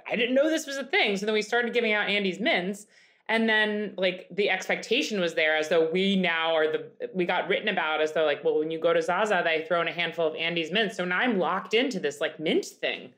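A woman's voice: lowish voice, fairly quick, fairly bright tone. Joking, profane woman podcast host. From Long Island, New York. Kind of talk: casual chat.

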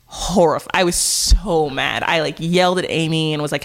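A woman co-hosting a casual podcast chat, telling a story in an animated way and acting out the lines she quotes. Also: sits low, normal speed, few pauses. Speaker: podcast co-host.

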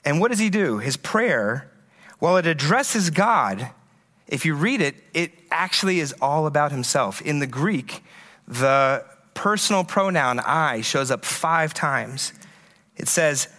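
A man preaching a conference sermon, telling stories in a conversational, animated way with frequent restarts. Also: fairly high pitch, unhurried. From USA. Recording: echoey hall with long reverb.

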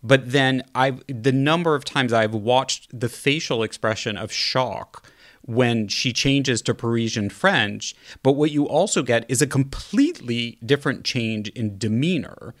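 A man hosting an interview, speaking in a measured, conversational way. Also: medium pitch, fairly bright tone. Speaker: podcast host. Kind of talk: casual interview chat.

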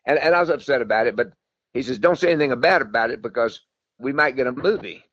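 Quick-talking older man telling stories. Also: medium pitch, lively intonation, fairly bright tone, no room sound, lo-fi sound. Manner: rambling, folksy, repeats himself. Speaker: guest, country singer. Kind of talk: storytelling interview.

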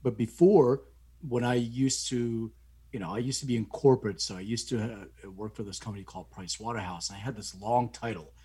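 A middle-aged man casually telling a family story, animated and acting out the voices of people he quotes. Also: a little fast, husky. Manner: animated, acts out quoted voices with rising pitch.

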